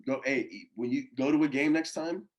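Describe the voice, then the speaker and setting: A man who coaches college baseball, telling a story in a casual podcast chat, animated and full of slang and swearing. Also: on the high side, normal speed, lo-fi sound. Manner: animated, slangy and profane, with many acted-out quotes.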